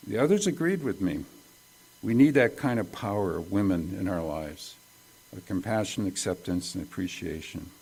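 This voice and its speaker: Male pastor, low voice, folksy conversational sermon, pokes fun at his own mistakes. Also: expressive, normal speed, darkish tone, slightly rough. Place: church service.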